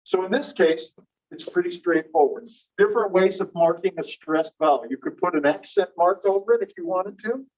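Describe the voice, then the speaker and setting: A man teaching a linguistics class, explaining slowly and repeating key phrases while checking that students follow. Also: sits high, a little mellow. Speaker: linguistics instructor. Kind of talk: classroom lecture. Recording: muffled distant classroom recording.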